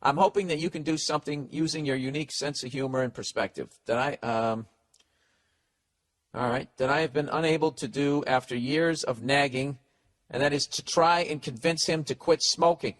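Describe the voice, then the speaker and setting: A man's voice: a little high, fairly even intonation, moderate pace, no room sound. A man hosting a podcast, giving blunt, profane, rambling comedic advice. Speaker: podcast host.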